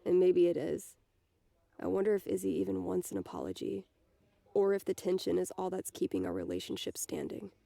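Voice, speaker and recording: A woman reading a novel aloud in the first person, softly voicing the dialogue as she goes. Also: fairly low pitch, lively intonation, brisk, gravelly, no echo. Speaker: reader.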